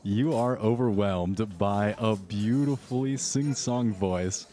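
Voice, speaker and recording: A man narrating and running a tabletop horror game as game master, in a measured, descriptive way. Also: on the low side, dark tone.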